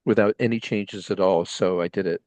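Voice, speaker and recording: A man's voice: low voice, steady tone, a little fast, a little mellow. A man playing in an online tabletop game, hesitant with a dry sense of humour. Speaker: player. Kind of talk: casual tabletop chat.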